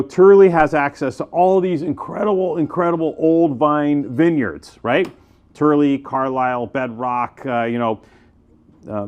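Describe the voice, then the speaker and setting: A man's voice: mid-range voice, darkish tone, muffled recording. A man who runs a wine shop, giving a chatty, enthusiastic wine review with lots of fillers and restarts. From United States. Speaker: wine retailer. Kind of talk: casual wine review to camera.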